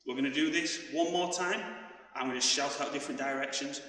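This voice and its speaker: A man's voice: a little high, a little fast. A man leading an online judo class for children, calling out directions as he moves and getting out of breath. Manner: shouts commands while moving. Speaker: judo coach. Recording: echoey hall, mic far off.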